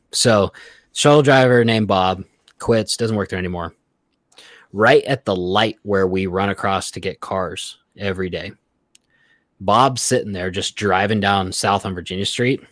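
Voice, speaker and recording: A man telling workplace stories in a casual, profane, animated way. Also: low voice, no echo. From Reno area, Nevada. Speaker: podcast guest. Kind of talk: casual storytelling.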